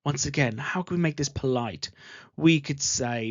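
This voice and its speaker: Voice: mid-range voice, moderate pace, dry recording. An English teacher giving an online grammar lesson, speaking patiently and repeating example sentences. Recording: dull lo-fi voice recording.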